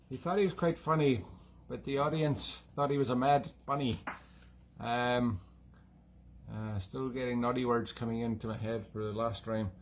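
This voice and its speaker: Man playing a cheeky male leprechaun, put-on Irish brogue, rambling corny jokester, middle pitch, faint background noise. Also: lightly acted. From Scotland. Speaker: musician and show host. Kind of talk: casual comic chat between tunes.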